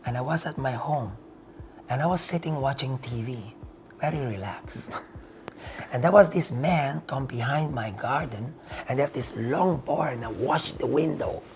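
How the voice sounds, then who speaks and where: A kung fu coach telling an animated story in non-native, broken English, laughing often as he talks. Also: mid-range voice, moderate pace, slight background noise. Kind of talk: animated storytelling in a sit-down talk.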